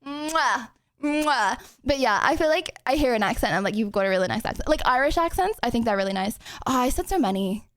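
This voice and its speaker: A young woman streams and chats loosely with her viewers, rambling and giggling. Her voice sits high and bounces all over the place, with plenty of "like" and "bro" along the way. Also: expressive, quick pace. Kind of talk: casual chat answering chat questions.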